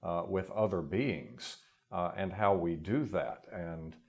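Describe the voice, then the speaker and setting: A man's voice: deep voice, slow pace, vocal fry. A man appearing as an expert guest, explaining ideas in a wry, conversational way. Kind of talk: casual interview chat.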